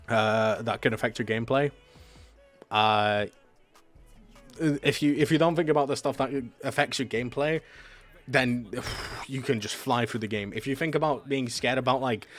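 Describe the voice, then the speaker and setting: A man chats casually on a live stream, rambling through his stories. He leans on fillers and restarts, and he swears offhandedly as he talks. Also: medium pitch.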